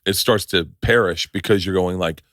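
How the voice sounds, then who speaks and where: A man hosting a laid-back podcast, his voice low and recorded close and dry. he talks in halting bursts, often restarting mid-sentence, and swears casually. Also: fairly bright tone, dry recording. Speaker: podcast host.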